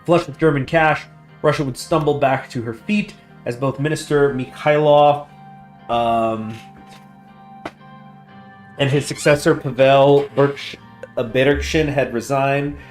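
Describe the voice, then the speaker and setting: A man's voice: medium pitch, fairly even intonation, a little slow, pauses often. A man hosting a strategy game let's play, reading game text aloud in a chatty way and stumbling over foreign names. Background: faint guitar music.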